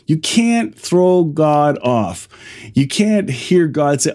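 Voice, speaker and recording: A man preaching a sermon and reading scripture, talking emphatically with exclamations and sudden rises and drops in pitch. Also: animated, slow, a little mellow.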